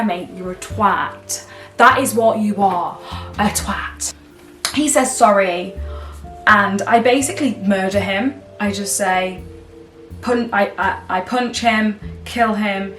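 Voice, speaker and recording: A woman's voice: medium pitch, reverberant, far from the mic. A young woman vlogging casually, chatty and dramatic, swinging between outrage and giggles. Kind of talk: casual vlog chat.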